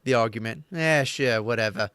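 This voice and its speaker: A man's voice: mid-range voice, normal speed, fairly bright tone, smooth, no room sound, close to an everyday voice. A man voicing a brash male bandit who needles the others in a sneering, taunting way.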